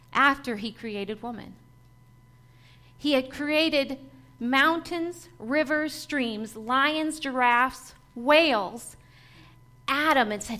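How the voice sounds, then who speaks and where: Woman preacher, high voice, slow and deliberate, leans hard on repeats. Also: pushed and bright. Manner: emphatic, rhythmic preaching with lists and repetition. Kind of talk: sermon.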